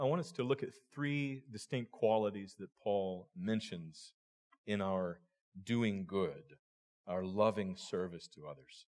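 A man's voice: fairly low pitch, darkish tone. A man preaching a sermon as a pastor, earnest, speaking to his listeners as friends and often repeating words.

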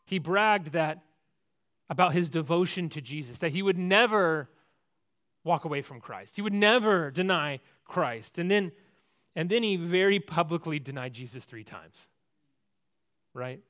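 A man preaching a sermon, telling a Bible story with big swings between loud and hushed, often repeating words and restarting sentences. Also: a little high, expressive, unhurried, long pauses. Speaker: pastor.

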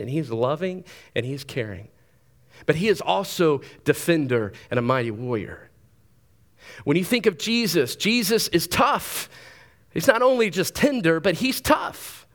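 A man in his thirties, a pastor preaching a sermon in a lively, conversational way, with quick asides and repeated words. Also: on the high side.

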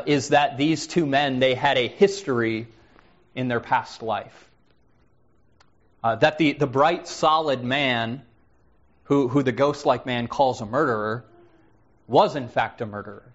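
A man's voice: mid-range voice, a little slow, dull audio. A man preaching a sermon in an earnest way, often repeating words as he starts a phrase.

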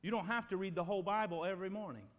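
A man preaching a sermon as pastor, emphatic and swinging between loud and quiet passages, speaking to his church. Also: high-pitched, racing. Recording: long reverb of a church hall.

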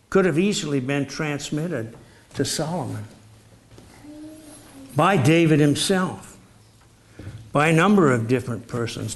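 Slow, measured male preacher. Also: on the high side, slight background noise. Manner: slow, measured, reflective with rhetorical questions. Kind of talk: sermon.

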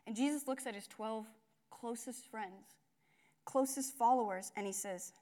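A young woman's high voice carries a casual sermon at a church gathering. She sounds easygoing and talkative, frequently using fillers, going off on asides and swiftly fixing her own slips.

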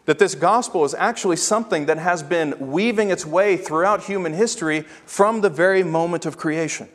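A man preaching a sermon as pastor, emphatic and slowing down to stress key phrases. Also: high voice, in a large hall.

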